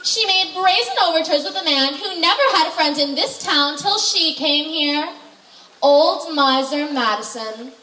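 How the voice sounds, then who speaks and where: A young actress in a camp stage play as a pompous, affected mayor's wife with a haughty, drawn-out delivery. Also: female voice, high voice, lively intonation, bright, forceful tone, full character voice. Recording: echoey hall from far off, faint noise.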